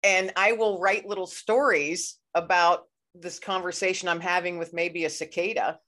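A woman's voice: fairly low pitch, fairly even intonation, moderate pace, a bit bright. A woman hosting a podcast interview, talking in a chatty, rambling way with many "you know"s. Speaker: podcast host. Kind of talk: casual conversational interview.

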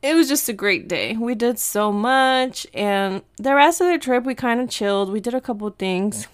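A woman's voice: on the high side, normal speed, smooth, no echo, studio quality. A young woman from Mexico telling a travel story in a casual, chatty way, acting out what she and others said. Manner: chatty, animated, quotes herself and others.

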